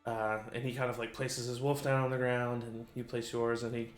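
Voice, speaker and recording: A man's voice: mid-range voice, flat delivery, normal speed, echoey room, soft background music. A man narrating as game master in a casual, filler-heavy way.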